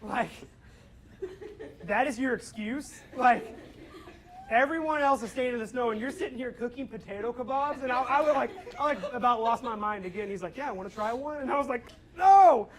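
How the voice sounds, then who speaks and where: A young man telling a lively story to a student audience and turning it into a lesson about faith. He acts out his own lines, raising his voice at the funny parts. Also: very high-pitched, moderate pace, low-quality recording. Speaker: campus ministry speaker.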